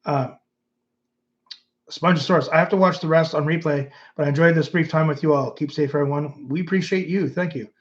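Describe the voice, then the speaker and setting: A man's voice: on the high side, moderate pace, muffled recording. A Canadian man in his fifties, chatting loosely on a livestream and reading out viewer comments. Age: 50s. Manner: rambling, reads viewer comments aloud. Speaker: YouTube host. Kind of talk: casual livestream chat.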